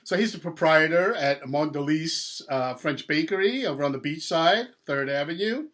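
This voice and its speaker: A man's voice: a little high, animated, normal speed, fairly bright tone. A man hosting a local show, talking in a rambling, laid-back way with casual asides. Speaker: host. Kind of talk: casual interview and sign-off.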